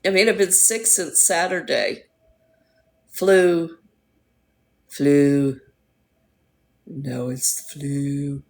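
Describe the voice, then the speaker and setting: A woman hosting a livestream, chatting casually with viewers in a rambling way, her voice hoarse and going. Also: low-pitched, drawn-out words, pauses often, darkish tone. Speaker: livestream host. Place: at home.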